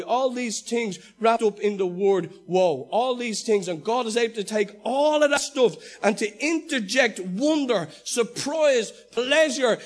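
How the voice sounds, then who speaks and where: A man, a pastor, preaching a sermon in an animated way, acting out quoted lines and swinging between loud and hushed delivery. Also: sits high.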